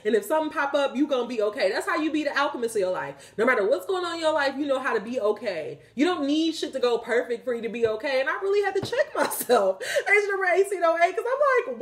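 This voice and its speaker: A woman giving a casual spiritual tarot reading, animated and profane, often laughing as she talks. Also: high-pitched, quick pace, hardly any pauses. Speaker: tarot reader.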